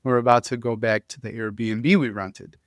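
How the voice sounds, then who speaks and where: Animated man telling stories on a podcast. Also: medium pitch, moderate pace, no room sound, clean studio sound. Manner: animated, restarts often, acts out quotes. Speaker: podcast host. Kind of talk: casual conversational storytelling.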